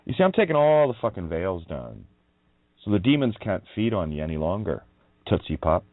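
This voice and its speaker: A man's voice: low voice, sing-song, fairly quick, no room sound. A man hosting a radio show, ranting in a profane, mocking monologue and laughing often. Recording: dry, tinny phone-like line.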